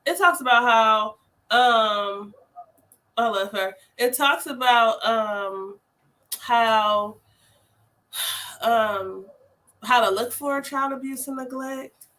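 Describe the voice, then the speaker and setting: Young woman chatting live, high bright voice, loud animated stories and slang. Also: slow, long pauses, low-quality recording. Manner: animated storytelling, slangy, lots of fillers. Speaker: host, family home child care provider. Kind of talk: casual live chat.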